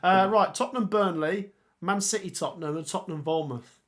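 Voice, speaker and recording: A young man chats casually on a live stream, thinking aloud and reacting to viewer comments as he goes. His voice sits a little higher than most men's. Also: fairly quick. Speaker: football channel host.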